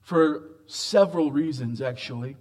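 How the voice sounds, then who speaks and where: A male preacher with a fairly high-pitched voice delivers an expository sermon emphatically, swinging widely between loud, raised lines and hushed, low asides. When quoting, he slows way down and draws out each word for emphasis.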